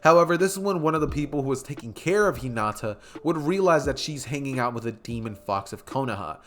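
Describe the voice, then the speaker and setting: A man's voice: mid-range voice, lively intonation, quick pace. Casual man narrating fan fiction. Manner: casual, filler-heavy, with self-aware joking asides. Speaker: YouTube storyteller.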